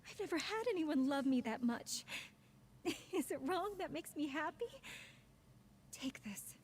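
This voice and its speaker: A woman's voice: high-pitched, animated, a little slow, a little hiss or hum. An actress playing a lovelorn young woman mourning her dead suitor in a video game, wistful and earnest.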